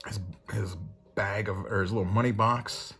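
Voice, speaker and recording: A man's voice: fairly low pitch, fairly even intonation, normal speed, a bit bright, faint music behind. A man casually reviewing a comic book, rambling with lots of fillers and frequent chuckles. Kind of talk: casual commentary.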